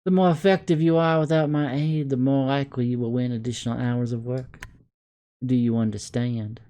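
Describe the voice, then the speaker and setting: A man with a Southern accent voicing a stern, formal male school official who speaks in a measured, composed way. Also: mid-range voice, fairly even intonation, mellow, natural voice. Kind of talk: video game dialogue reading.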